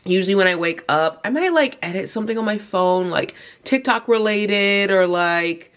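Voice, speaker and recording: A woman's voice: mid-range voice, expressive, moderate pace, fairly bright tone. A young woman vlogging casually from bed early in the morning, sleepy and yawning, with a runny nose, talking in a chatty way full of "like"s. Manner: chatty, filler-heavy, many "like"s and restarts. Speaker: book vlogger. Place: bedroom, lying in bed.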